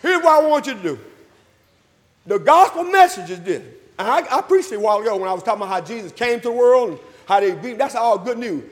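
Booming high-voiced preacher in a church hall. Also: male voice, expressive, quick pace. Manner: call-and-response, repeats phrases, rises to loud emphatic peaks. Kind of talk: sermon with invitation call.

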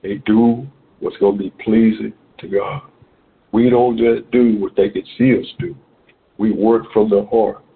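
A man's voice: fairly low pitch, fairly even intonation, measured pace, gravelly. A man preaching a Bible lesson with rhythmic, repetitive phrasing, as on a call-in radio program. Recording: tinny phone-like radio audio.

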